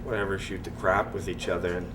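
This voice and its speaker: A Canadian head chef with a low voice speaks quickly in an interview, telling stories. He is animated and acts out other people's voices. The mic is distant and ambient noise is loud.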